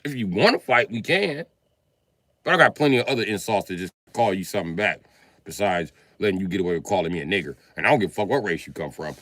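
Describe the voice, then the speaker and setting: A man with a low, bright, forceful voice rants on a live stream, swinging his pitch widely as he talks. He swears often, gets animated and laughs between remarks. The sound is close and dry. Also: quick pace, no echo. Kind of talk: casual live-stream rant.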